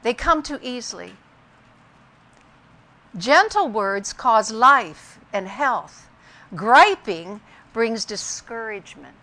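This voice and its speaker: A woman's voice: on the high side, lively intonation, slow pace, pauses often, sharp tone. An older woman giving an earnest, reflective personal testimony that weaves in scripture and family stories. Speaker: speaker sharing a personal story.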